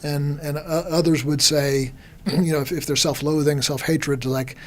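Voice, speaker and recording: A man hosting an interview, reflective, often repeating words and clearing his throat. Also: on the high side, steady tone, normal speed. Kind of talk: conversational interview.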